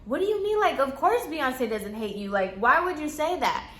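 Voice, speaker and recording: A woman voicing a gentle young coworker who consoles someone in a high, soft voice. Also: animated, moderate pace. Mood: consoling. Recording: echoey room.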